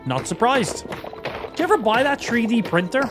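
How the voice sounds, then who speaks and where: Irish streamer ranting with lively pitch. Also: male voice, normal speed, music in the background. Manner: profane, ranting and mocking. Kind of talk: casual gaming livestream commentary.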